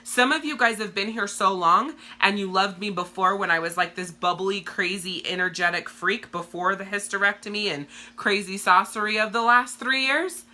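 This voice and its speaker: A woman's voice: mid-range voice, normal speed, hardly any pauses, sharp tone. A woman coach talking bluntly and profanely in a casual live-stream monologue to her viewers. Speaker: direct sales coach.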